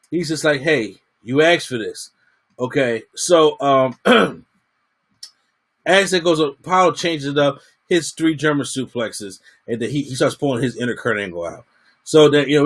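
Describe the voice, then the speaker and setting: A man giving a casual, slangy wrestling review, acting out what the wrestlers said. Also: on the high side. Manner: animated, slangy, acts out quotes.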